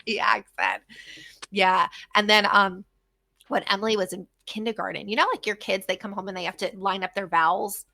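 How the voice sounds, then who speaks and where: A woman with a New Jersey accent hosting a casual podcast chat, telling animated stories and acting out the voices of the people she quotes. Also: mid-range voice, normal speed, creaky. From New Jersey, USA. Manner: animated storyteller who acts out quoted voices. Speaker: podcast host.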